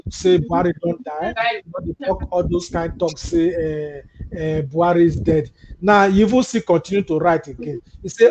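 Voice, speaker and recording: High-voiced Nigerian man hosting, lo-fi. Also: steady tone, normal speed, darkish tone. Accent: Nigerian Pidgin English. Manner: mixes Pidgin and English, reads viewer comments aloud, mocking asides. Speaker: host. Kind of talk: live call-in political talk show. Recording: muffled lo-fi audio with faint hiss.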